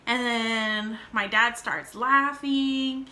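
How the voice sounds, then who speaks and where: A woman's voice: a little high, steady tone, extremely slow, bright, forceful tone. A young woman telling a rambling story and chatting in a casual home vlog, with lots of fillers and acted-out quotes. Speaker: vlogger.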